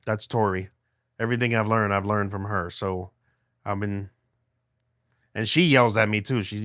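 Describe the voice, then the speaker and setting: This middle-aged man chats with his livestream viewers from a handheld phone at home, wandering between topics and frequently starting over. He speaks at an unhurried pace with a steady, slightly bright, lowish voice and frequent pauses. The recording is dry.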